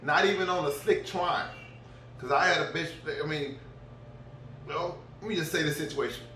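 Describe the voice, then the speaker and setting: High, bright-voiced New man ranting. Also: normal speed, slight background noise. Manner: crude, rambling, laughs through his own story. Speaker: vlogger. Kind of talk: profane storytelling rant. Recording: roomy, distant mic.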